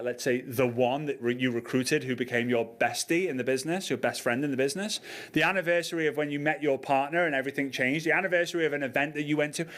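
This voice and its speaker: A man's voice: on the high side, a bit bright. Chatty man coaching an online class. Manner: chatty, repeats points, asks "right?" often. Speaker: network marketing coach.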